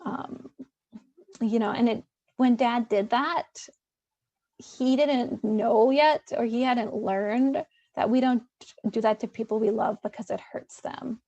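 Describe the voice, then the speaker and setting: A woman's voice: a little high, steady tone, slow, darkish tone, no room sound, dull audio. A woman therapist presenting a webinar in a loose, conversational way, with many fillers and restarts.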